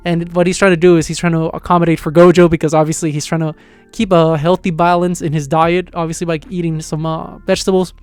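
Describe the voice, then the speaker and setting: A man with a slightly high, smooth and resonant voice excitedly recaps a story in a loose, casual way. His talk rambles with plenty of fillers and quick restarts. The sound is dry and close, with soft music faintly underneath. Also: no room sound. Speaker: manga reviewer. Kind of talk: casual reaction review.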